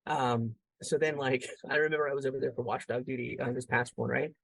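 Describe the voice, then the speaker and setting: A man's voice: medium pitch, little pitch movement, a little fast, gravelly, slightly rough, no room sound. A man talking casually as a podcast guest, a father telling rambling family stories full of fillers. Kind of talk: casual storytelling.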